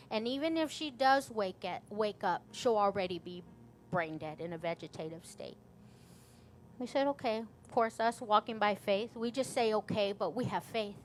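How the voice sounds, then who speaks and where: A woman's voice: mid-range voice, a little hiss or hum. A woman pastor earnestly retelling a family story during a sermon testimony.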